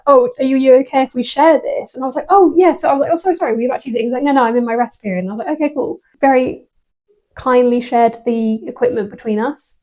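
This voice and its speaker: Holding her clip-on lapel mic, a young woman runs through her week in a laid-back fitness vlog, joking at her own expense and laughing at herself. The recording sounds muffled, and her fairly high voice has a darkish tone.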